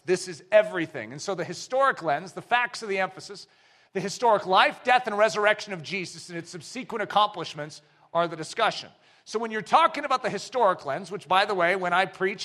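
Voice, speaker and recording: Male pastor, high bright voice, emphatic sermon delivery that climbs to shouts, long church reverb. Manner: emphatic preaching that builds to shouts.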